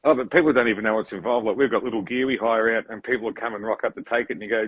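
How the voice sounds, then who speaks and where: A quick-talking Australian tradesman on a casual podcast, blunt and swearing. His voice is low and husky, and the recording sounds dry and slightly muffled. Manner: fast, blunt, swears, acts out clients. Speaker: podcast guest, earthmoving contractor.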